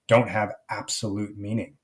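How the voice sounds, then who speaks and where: A man's voice: on the low side, little pitch movement, normal speed. A man speaking as a life coach guest in a podcast interview, reflective and rambling, with many fillers and restarts.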